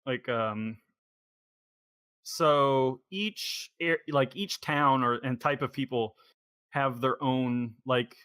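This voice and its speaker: A man's voice: medium pitch, takes it slowly, sharp tone, clean tone, dry recording. Rambling man hosting a podcast, dry sound. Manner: rambling, thinking aloud. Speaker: podcast host. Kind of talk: casual podcast chat.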